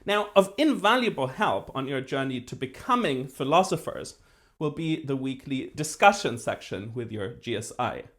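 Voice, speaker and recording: A man giving a university philosophy lecture as the professor, precise and lively, with dry self-deprecating humor. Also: medium pitch, moderate pace. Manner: acts out voices when telling a joke.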